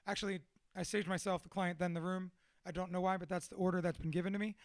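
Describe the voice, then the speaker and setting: A man's voice: sits high, fast talker, no echo, studio quality. A man, a tattoo artist, telling stories in a casual chat, swearing constantly and laughing as he goes. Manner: profane, animated, laughs through his stories. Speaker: tattoo artist and podcast guest.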